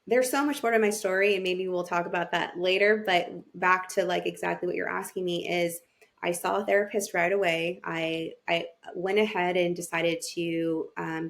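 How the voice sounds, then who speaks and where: A woman's voice: lowish voice, creaky. A woman who works as a family therapist, a podcast guest telling her own story openly and with feeling, acting out what she thought at the time. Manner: open and emotional, acts out her own past thoughts. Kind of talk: candid personal storytelling.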